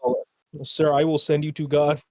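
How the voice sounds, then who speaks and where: A man's voice: fairly high pitch, monotone, normal speed, a crowd in the background. A young man co-hosting a casual podcast, throwing in teasing jokes and slang. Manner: joking, teasing interjections with slang. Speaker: podcast co-host. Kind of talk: casual chat.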